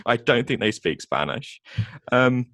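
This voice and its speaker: A man's voice: medium pitch, very animated, a little slow, fairly bright tone, dry recording. Dry-voiced man reviewing films. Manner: hesitant, many ums and restarts, sarcastic. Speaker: podcast co-host. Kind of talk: casual film review chat.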